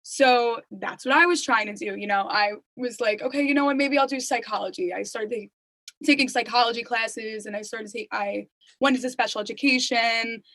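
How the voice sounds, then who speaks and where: A woman's voice: on the high side, a little fast, fairly bright tone, dry recording, rough recording. A young woman telling her story as an interview guest, chatty and full of "like" and "you know.". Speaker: interview guest, singer-songwriter. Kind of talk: casual interview chat.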